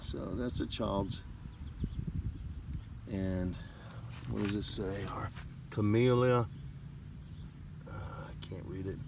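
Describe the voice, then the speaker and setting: Brief: low-voiced man, loose rambling vlog narration outdoors, faint outdoor ambience behind. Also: steady tone, vocal fry, background noise. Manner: rambling, halting over names. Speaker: cemetery tour vlogger. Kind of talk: casual walking commentary. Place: outdoor cemetery.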